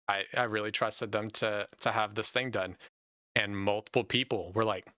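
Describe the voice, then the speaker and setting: A young man hosting a podcast, talking in long, animated run-on stretches in a casual chat. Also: on the low side, moderate pace, clear, resonant tone, dry recording, clean studio sound. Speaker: podcast host.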